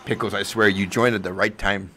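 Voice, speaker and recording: A man hosting a casual livestream, reacting to wrestling, swearing freely and breaking into loud yells. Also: on the low side, steady tone, fairly quick, noisy background. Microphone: desk microphone.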